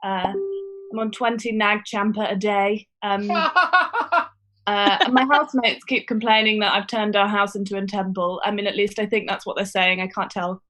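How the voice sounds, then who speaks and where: A woman's voice: mid-range voice, normal speed, sharp tone, poor audio. A woman comedian doing a self-mocking, rambling stand-up bit on a panel show over a video call. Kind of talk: stand-up style monologue.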